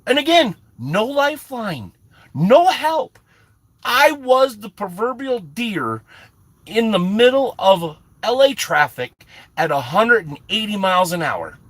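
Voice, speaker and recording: Husky man telling a rambling comic story. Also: high-pitched, slow, no room sound. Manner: animated, exasperated, rambling with restarts. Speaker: channel host.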